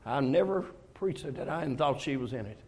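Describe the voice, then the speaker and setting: A man's voice: medium pitch, lively intonation, a little fast, darkish tone. An older man preaching a folksy, conversational sermon, telling personal stories and acting out talks with God. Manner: storytelling, acts out dialogues with God, emotional confessions.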